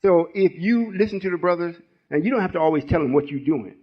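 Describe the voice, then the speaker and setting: A spiritual teacher in his late sixties gives a folksy, rambling, sermon-style teaching with call-and-response check-ins with listeners. His voice is high-pitched with lively intonation, a quick pace and a breathy edge, on a muffled lo-fi recording.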